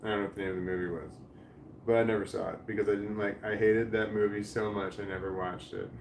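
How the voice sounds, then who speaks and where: A man's voice: lowish voice, level tone, fast talker. Rambling, cursing man in an echoey room. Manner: rambling, swears often, restarts sentences. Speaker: streamer reading live chat comments. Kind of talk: casual rambling chat. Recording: echoey room with faint background noise.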